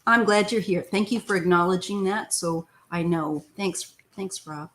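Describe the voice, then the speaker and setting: A woman's voice: mid-range voice, very animated, moderate pace, hardly any pauses. A middle-aged woman hosting a casual live-stream tarot chat from home, greeting viewers by name in an easygoing way. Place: home, near the front door.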